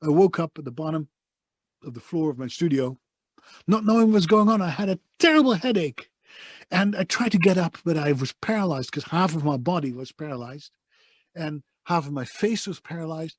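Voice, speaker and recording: A man's voice: a little high, animated, brisk, no room sound. A man with a Dutch accent, a voice-over artist, telling his story with passion and emphasis in a soundproof home studio. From Netherlands. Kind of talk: conversational interview storytelling.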